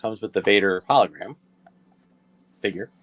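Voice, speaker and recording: A man selling collectible figures on a live stream, talking casually to viewers and often correcting himself between quick auction calls. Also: on the low side. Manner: chatty, self-correcting, quick asides to viewers.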